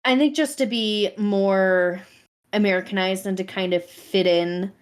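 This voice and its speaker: A woman co-hosting a podcast who tells the story in casual chat, explaining her research in a measured way. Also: mid-range voice, fairly even intonation, clear, resonant tone. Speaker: podcast co-host presenting the story.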